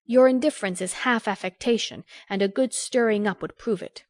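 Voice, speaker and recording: A woman reading an audiobook, voicing an earnest, sharp-tongued young woman who lectures a friend in a crisp, scolding way. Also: mid-range voice, a little fast, no echo, studio quality, pitched above the performer's own voice, close to an everyday voice. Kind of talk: audiobook character voice.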